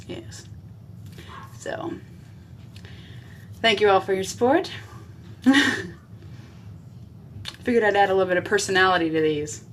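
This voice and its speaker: A woman's voice: medium pitch, fairly bright tone, slight background noise. A woman chatting on a live makeup stream from a small basement bathroom, talking into a phone camera and answering viewer comments as she goes. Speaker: makeup livestreamer. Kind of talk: casual live-stream chat.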